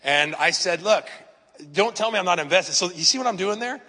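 A pastor in his fifties delivers a chatty, emphatic sermon packed with personal stories and rhetorical questions. His high, husky voice is expressive and sharp, moving a little fast, and a long hall reverb surrounds it.

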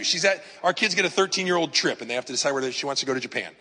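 A man's voice: fairly high pitch, lively intonation, rapid-fire, few pauses, sharp tone, slightly rough. A man in his fifties, a pastor giving a chatty, emphatic sermon full of personal stories and rhetorical questions. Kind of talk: conversational sermon. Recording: long hall reverb.

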